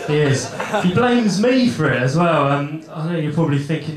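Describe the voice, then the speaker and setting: Young man, stand-up comic, slightly high voice, nervous rambling delivery, echoey club with loud laughter. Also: lively intonation, moderate pace, a crowd in the background. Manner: awkward, rambling, self-deprecating, swears a lot. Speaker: stand-up comedian. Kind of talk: stand-up comedy set. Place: comedy club stage with a live audience.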